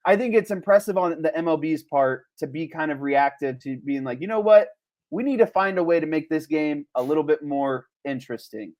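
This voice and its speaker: A man co-hosting a podcast in casual sports chat, animated and laughing often. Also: a little high. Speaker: podcast co-host.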